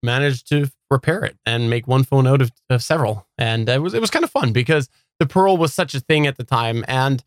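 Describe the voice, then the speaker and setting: Wry, measured man on a dry mic. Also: medium pitch, lively intonation, no echo. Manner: measured, wry analysis with some hesitations. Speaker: tech podcast co-host. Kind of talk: casual podcast chat.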